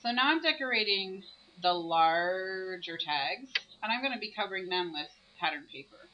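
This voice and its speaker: A woman's voice: mid-range voice, expressive, normal speed, lo-fi sound, a little hiss or hum. A woman narrating her own crafting video, explaining each step as she works.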